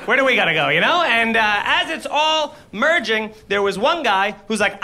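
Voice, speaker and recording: A man's voice: very high voice, big pitch swings, normal speed, sharp tone. A man doing a stand-up comedy bit, telling a story and chuckling through his lines.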